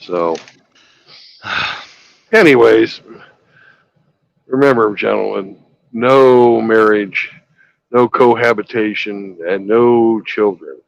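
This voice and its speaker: A man's voice: on the low side, slow, gravelly, long pauses, dry recording, muffled recording. A man hosting a livestream from his parked truck, chatting in a laid-back way and swearing casually. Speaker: livestream host, truck driver. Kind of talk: casual chat.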